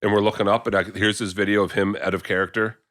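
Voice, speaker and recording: A man's voice: on the low side, level tone, fairly bright tone. A man co-hosting a comedy podcast who jumps in to finish other people's points. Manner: rapid, talks over others to finish their points. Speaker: podcast co-host. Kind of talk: casual comedic chat.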